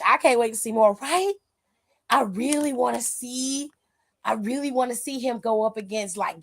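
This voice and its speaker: A woman's voice: on the high side, a bit bright. A woman hosting a wrestling aftershow, giving casual, emphatic, profane live-stream commentary and reading viewer comments aloud.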